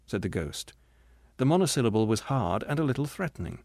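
A man narrating an audiobook chapter in a measured storytelling manner. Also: on the low side, expressive, a little mellow, no room sound, studio quality.

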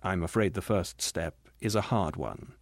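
A man doing a calm, gentle spirit brother. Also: deep voice, moderate pace, creaky, no room sound, clean studio sound, full character voice. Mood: gentle, soothing. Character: patient, gentle bright spirit, the ghost's brother. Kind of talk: audiobook character reading.

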